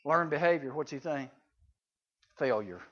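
A youth preacher talks to a room of junior high kids in a conversational way, rising loud and dropping to a hush. His voice sits high for a man. The recording is dull and lo-fi. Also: lively intonation, measured pace. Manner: conversational, swings between loud and hushed. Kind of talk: sermon to junior high students.

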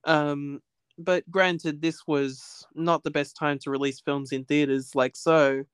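A man's voice: fairly high pitch, level tone, takes it slowly, fairly bright tone, clear, resonant tone, dry recording, studio quality. A man, a podcast guest talking at home in a rambling, casual way, often saying "basically" and restarting sentences. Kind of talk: casual conversation. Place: home with cats.

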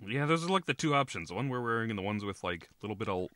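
A man with a bright voice and lively pitch chats casually and reacts quickly, laughing often. His voice sounds dry and close, with no echo. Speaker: podcast co-host. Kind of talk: casual chat.

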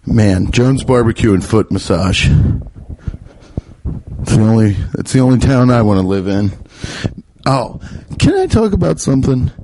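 A man's voice: medium pitch, big pitch swings, normal speed, pauses often, warm tone, a little hiss or hum. A man from the US Midwest hosting a show alone, ranting with swearing and laughing at his own jokes. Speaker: podcast host. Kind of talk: solo comedic rant. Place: at home by a window.

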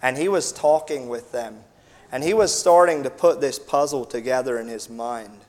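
An American man, a missionary, gives a personal testimony at a Sunday evening church gathering, at an ordinary pitch for a man. He tells the story vividly, with sound effects and acted-out dialogue. His voice carries a long reverb, as if in a large hall. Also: normal speed. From United States.

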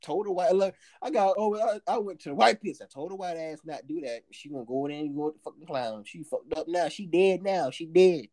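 A young woman co-hosting a casual podcast, telling stories in a loud, profane, animated way. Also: lowish voice, fairly quick, few pauses, no room sound. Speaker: podcast co-host.

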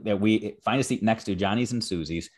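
An earnest man hosting an interview podcast, his voice sitting a little low for a man. He talks in a motivational, encouraging way and builds to emphatic praise. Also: fairly quick, darkish tone, breathy edge. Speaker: podcast host.

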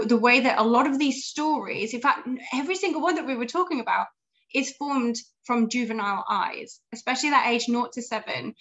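A woman hosting a podcast, thoughtfully summing up and reflecting on what her guest said. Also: fairly high pitch. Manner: reflective, sums up the guest's points. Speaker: podcast host. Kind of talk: casual podcast interview. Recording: dull, muffled sound.

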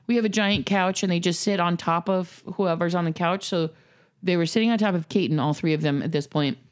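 A woman in her thirties telling a family story in casual chat, acting out the voices of the people in it. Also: fairly low pitch. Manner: animated storyteller who acts out voices.

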